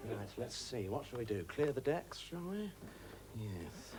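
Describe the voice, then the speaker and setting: A manic cheeky impostor, clowning for the crowd, middle pitch, heavy noise behind. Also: male voice, big pitch swings. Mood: playful. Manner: impish, quick-changing, clowning, playing to the audience. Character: manic mischievous male impostor, adult, restless and cheeky. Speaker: stage actor. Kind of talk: stage comedy acting.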